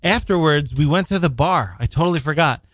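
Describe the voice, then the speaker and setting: On a New York podcast, a male co-host chats casually, spinning rambling stories and laughing often. His voice sits a little high and is a bit bright, expressive and slightly quick. The recording is dry.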